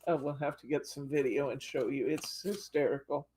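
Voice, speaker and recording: A woman's voice: very deep voice, fairly even intonation, moderate pace, dark tone, a little hiss or hum. A woman leading a live-streamed card-making class, chatting and telling stories with frequent giggles. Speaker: craft class instructor.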